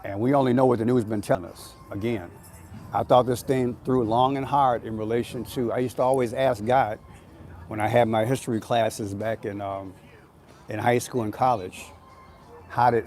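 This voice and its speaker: A man's voice: medium pitch, fairly even intonation, normal speed, darkish tone. A man hosting an outdoor live stream, talking in an emphatic, repetitive, preachy way. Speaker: channel host. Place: outdoors on an urban street.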